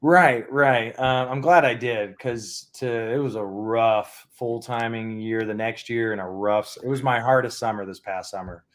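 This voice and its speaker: A man's voice: mid-range voice, steady tone, unhurried, few pauses. A young man from Alabama, a podcast guest in casual interview chat over a remote call, easygoing and thinking aloud with many fillers.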